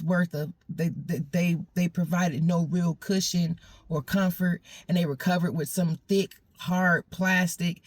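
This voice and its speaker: A woman telling a personal story in a casual, animated way, laughing often and repeating phrases. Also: on the low side.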